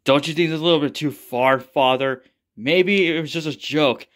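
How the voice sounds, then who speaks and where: A man voicing a sarcastic young adult son who stays calm and exasperated. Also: a little high, voice pushed down, close to an everyday voice. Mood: reasoning. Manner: dry, exasperated, quick.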